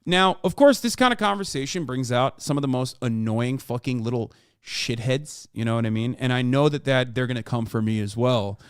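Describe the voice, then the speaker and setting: A man in his thirties talks straight into the mic on a live stream, his voice smooth and resonant with a dry, close sound. He rants, swears freely and leans hard on his points between "uh"s and "like"s. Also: medium pitch, normal speed, few pauses, dry recording. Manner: profane, emphatic ranting with many fillers. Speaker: streamer reacting to a clip. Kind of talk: casual live-stream commentary.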